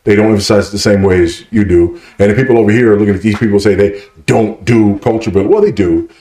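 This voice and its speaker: Low-voiced emphatic man in echoey hall. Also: fast talker, dark tone. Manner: emphatic, checks understanding with repeated "right?". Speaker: conference speaker answering questions. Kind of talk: Q&A teaching. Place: conference hall.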